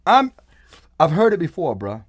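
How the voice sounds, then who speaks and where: A man hosting a casual commentary, hammering home his points and repeating phrases for stress. His pitch swings widely as he talks. The sound is dry and close with no room around it. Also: moderate pace, dry recording. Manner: emphatic, repeats phrases, animated. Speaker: host.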